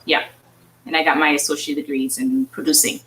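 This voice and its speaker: A woman's voice: low-pitched, level tone, a little fast, a bit bright, reverberant, recorded from a distance, a little hiss or hum, rough recording. A woman in her forties from Boston, a film producer chatting casually as a guest and laughing often. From Boston, Massachusetts. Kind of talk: casual interview chat.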